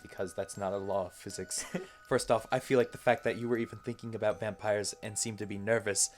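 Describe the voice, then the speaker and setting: A man on a comedy podcast who laughs often and riffs deadpan absurdities. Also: lowish voice, a little fast. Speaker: podcast panelist. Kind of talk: casual comedic improv chat.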